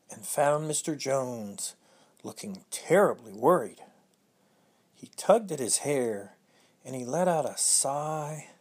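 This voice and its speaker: Rhyming picture-book reader, unhurried and very lively in pitch. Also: slightly rough. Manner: sing-song, expressive. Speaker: storyteller. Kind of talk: rhyming storybook read-aloud.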